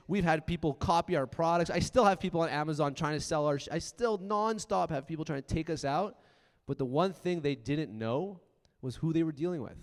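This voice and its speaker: A man giving a profane, punchy motivational keynote talk, swinging from loud bursts to quiet asides. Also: on the high side. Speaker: conference speaker. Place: large conference hall. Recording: long hall reverb.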